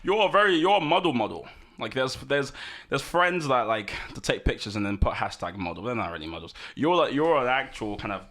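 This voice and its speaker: Chatty, animated male podcast host. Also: medium pitch, brisk. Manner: lively, chatty, swings between loud excitement and quiet asides. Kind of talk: casual interview chat.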